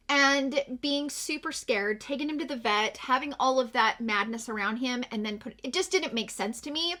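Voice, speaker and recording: High-pitched with a sharp tone, a middle-aged woman talks warmly to her audience as she applies makeup in a relaxed get-ready-with-me video. This beauty vlogger is still teary from crying all morning.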